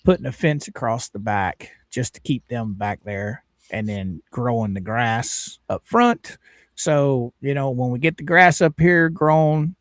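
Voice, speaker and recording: A man's voice: mid-range voice, no room sound, clean studio sound. A man hosting a livestream, chatting casually and greeting viewers one by one by name in a folksy way. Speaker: livestream host.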